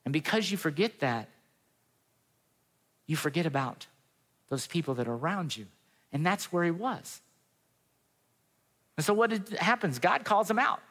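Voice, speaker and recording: Bright-voiced man preaching in a hall. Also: fairly high pitch, lively intonation, normal speed, pauses often. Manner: earnest, conversational preaching with voiced quotes. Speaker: pastor. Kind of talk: sermon. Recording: long reverb of a hall.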